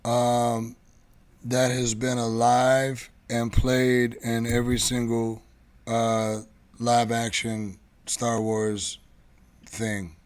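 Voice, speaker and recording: A man's voice: medium pitch, little pitch movement, drawn-out words. A man hosting a casual livestream giveaway show, talking in a loose, rambling way and swearing offhandedly. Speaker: show host.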